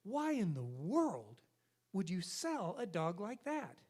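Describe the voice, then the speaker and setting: A man's voice: a little high, very animated, unhurried, husky, exaggerated voice. A man voicing a lonely small-town man who hesitates in a joke. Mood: puzzled.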